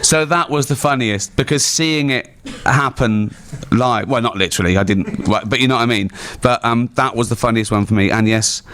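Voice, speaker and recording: A middle-aged man with an English accent, telling animated stories as a guest comedian in a casual chat. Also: medium pitch, moderate pace, few pauses, slight background noise. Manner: animated, laughing storyteller. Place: town hall stage before an audience.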